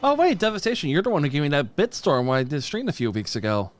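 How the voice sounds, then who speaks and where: A man's voice: a little high, wildly swooping pitch, fast. A playful, giggly man chatting on stream and thanking viewers. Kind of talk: casual stream chat.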